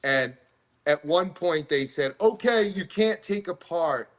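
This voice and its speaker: A man's voice: fairly high pitch, animated, slow pace. A man co-hosting a casual chat, telling a story with plenty of laughter. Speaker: podcast co-host.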